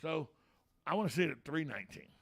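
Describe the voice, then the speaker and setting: A man's voice: a little high, animated, fast talker, vocal fry, fairly bright tone, slightly rough. A man hosting a local radio talk show, folksy, joking and opinionated.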